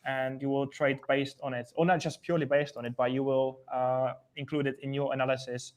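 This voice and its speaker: A man's voice: mid-range voice, little pitch movement, fairly quick, a little mellow. A man co-hosting a live trading stream, talking casually with loose grammar, frequent repeats and restarts. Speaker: trading analyst co-host.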